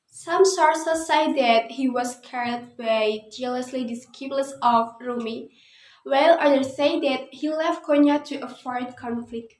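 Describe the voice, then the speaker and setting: A woman's voice: high-pitched, a little mellow. A young woman student with an Indonesian accent reading a story aloud in English, carefully and measuredly. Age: young adult. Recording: roomy echo.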